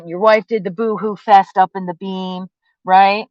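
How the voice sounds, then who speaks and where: A woman's voice: mid-range voice, a little slow, dry recording. Furious, foul-mouthed woman ranting. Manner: profane, confrontational, mocking. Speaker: vlogger. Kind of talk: angry direct-to-camera rant. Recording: dull lo-fi dry audio.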